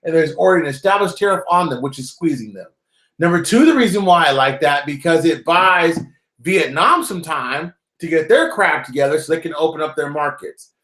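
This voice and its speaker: A man hosting a live call-in stream talks in a loose, rambling, joking way. His voice sits a little high for a man and rings in a roomy space. His casual chat jumps between reading news items and bantering with callers. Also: expressive, a little fast, a bit bright. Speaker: host of a live call-in currency show. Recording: roomy echo.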